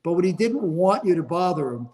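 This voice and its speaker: A man in his seventies, a sports agent guest, telling stories with animated energy and frequent laughter. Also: high-pitched, a little fast, poor audio. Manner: animated, laughs through anecdotes. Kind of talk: casual storytelling.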